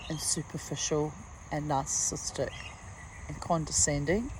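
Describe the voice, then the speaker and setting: A woman's voice: low-pitched, slight background noise, low-quality recording. An older woman in a casual vlog, telling a story bluntly and with lots of swearing, speaking outdoors in a garden. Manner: blunt, profane, emphatic storytelling. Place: outdoors in a garden under a tree.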